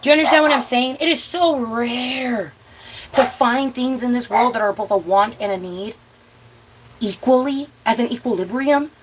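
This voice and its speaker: A young woman with a somewhat high voice rants in a casual cooking vlog, blunt and full of swearing. She drags out words when she wants to drive a point home. There is a faint hum of noise behind her. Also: low-quality recording. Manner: blunt, profane, emphatic ranting; drawn-out words for emphasis. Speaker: vlog host. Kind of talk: casual ranting chat while cooking.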